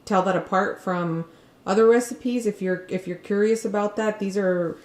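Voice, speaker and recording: A woman's voice: medium pitch, fairly even intonation, normal speed, roomy sound. A woman chatting casually and teasingly with her mother during a cooking video. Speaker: co-host, host's daughter. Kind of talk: casual chat.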